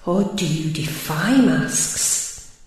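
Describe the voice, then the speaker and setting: A woman's voice: low-pitched, lively intonation, drawn-out words, darkish tone. A woman reciting poetry with a wry, theatrical delivery. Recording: roomy hall with long reverb.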